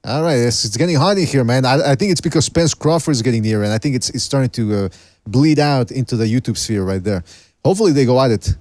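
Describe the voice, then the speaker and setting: A man hosts a call-in show in easy, casual banter, laughing often and tripping over repeated words. His medium-pitched voice sits close to the mic in a dry, dead room. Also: lively intonation, quick pace, darkish tone, no echo. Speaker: podcast host taking calls.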